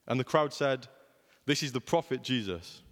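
A man's voice: mid-range voice, lively intonation, moderate pace, a bit bright, long reverb tail. A young man preaching a sermon in a conversational way, often asking rhetorical questions.

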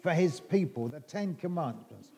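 A man's voice: a little high, lively intonation, moderate pace, creaky, dark tone, slightly rough. A middle-aged English man preaching an all-age sermon, quizzing children in a playful, teasing way.

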